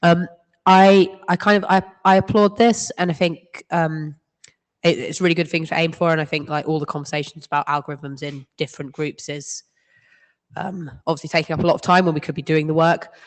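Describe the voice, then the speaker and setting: Woman going hoarse, lots of ums, echoey meeting hall. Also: low-pitched, steady tone, brisk. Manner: hesitant, many ums. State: losing her voice. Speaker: meeting participant. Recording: long hall reverb.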